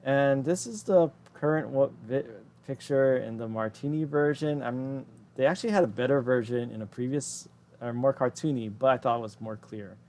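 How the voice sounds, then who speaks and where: A man teaching an anatomy and physiology lesson over slides, explaining in a casual way that often corrects itself mid-sentence and drifts into quick asides. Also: mid-range voice, vocal fry, a little mellow. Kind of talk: recorded lecture over slides.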